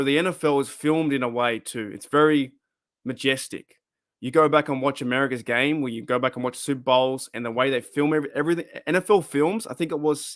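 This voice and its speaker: A man's voice: mid-range voice, a bit bright, no room sound, clean studio sound. A man hosts a casual livestream, rambling and swearing as he answers chat, his voice wearing thin. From Australia. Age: 30s. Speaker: livestream host.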